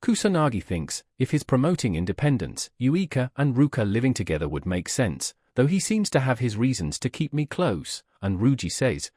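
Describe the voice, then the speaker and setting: A man's voice: medium pitch, big pitch swings, normal speed, few pauses, darkish tone, no room sound, clean studio sound. A man reading a scripted recap of a comic story in a matter-of-fact way. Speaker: recap narrator.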